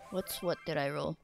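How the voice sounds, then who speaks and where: A woman streaming a game, laughing and swearing in breathless excitement. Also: deep voice, vocal fry. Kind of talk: excited gaming stream chat.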